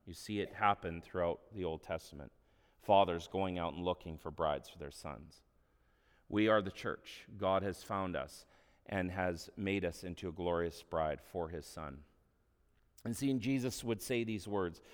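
A man's voice: low voice, normal speed, clear, resonant tone, long reverb tail. A man preaching a sermon as a pastor, earnest and conversational, with offhand asides. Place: church hall.

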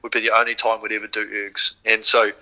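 New Zealand man, accent, very bright tone, guest on a podcast, casual profane storytelling. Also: lowish voice, fast talker, poor audio. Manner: swears freely, animated retelling. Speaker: podcast guest, former rower.

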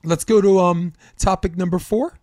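A man's voice: high voice, fairly even intonation, moderate pace, a little mellow, dry recording, clean studio sound. A man hosting a casual sports debate podcast, a coach and commentator, talking candidly and rambling with fillers.

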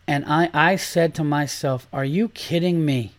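Profane ranting podcast host. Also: male voice, normal speed, few pauses, no room sound. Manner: animated, profane ranting, swings loud and high when worked up. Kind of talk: solo podcast rant.

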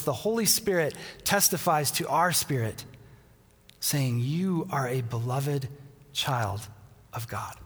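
A man preaching in a fairly high voice, earnest and warm-hearted. He keeps coming back to one refrain and often sinks it to a hushed, breathy near-whisper. The voice rings out with a long reverb, as in a large hall. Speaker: pastor. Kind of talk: sermon.

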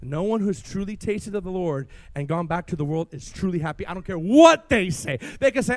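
A man preaching an energetic sermon as pastor in a church, calling on the congregation to respond. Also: high-pitched, brisk, few pauses, no echo.

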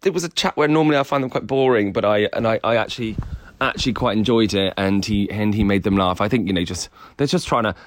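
A man's voice: fairly low pitch, quick pace, slight background noise. A man co-hosting a casual podcast chat, rambling with restarts and laughing easily. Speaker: podcast co-host.

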